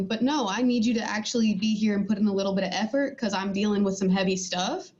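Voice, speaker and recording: A woman's voice: mid-range voice, a little fast, hardly any pauses, dull audio. A woman speaking reflectively and conversationally as a panelist in a discussion over a video call.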